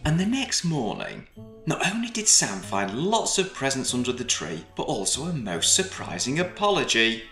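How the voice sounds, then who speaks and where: A man reading a children's storybook aloud in an expressive, storytelling way. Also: medium pitch, moderate pace. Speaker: storybook reader. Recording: echoey room. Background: faint background music.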